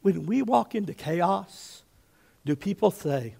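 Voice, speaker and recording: A man in his fifties preaching a sermon as pastor, telling stories with big swings between loud and hushed, often checking in with "okay?". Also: high voice, slow pace, creaky. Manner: animated storyteller, often checks in with "okay?", drops to a hush for quotes.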